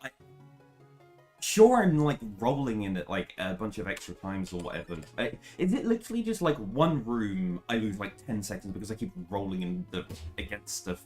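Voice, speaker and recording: A young woman speedrunning a game, commentating live, swearing freely and ranting in frustration before rushing into technical explanations. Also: a bass voice, sing-song, a little mellow, faint music behind. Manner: swears a lot, rants in frustration, then explains in a rush.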